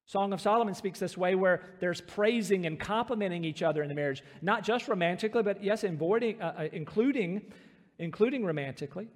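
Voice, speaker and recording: Male pastor, middle-aged, higher voice, emphatic sermon delivery, long church reverb. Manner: earnest, emphatic preaching with slowed stresses. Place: church sanctuary.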